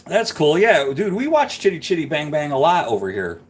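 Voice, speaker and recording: A man's voice: fairly high pitch, big pitch swings, normal speed. A man hosting a live stream, chatting casually and rambling through a story. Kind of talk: casual chat.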